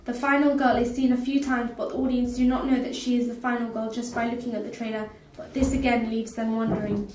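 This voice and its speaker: A woman's voice: a little high, little pitch movement, fast talker, hardly any pauses, a little mellow, roomy sound, recorded from a distance, slight background noise, low-quality recording. Young woman reading from across a room. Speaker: student presenter. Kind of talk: reading a school media evaluation.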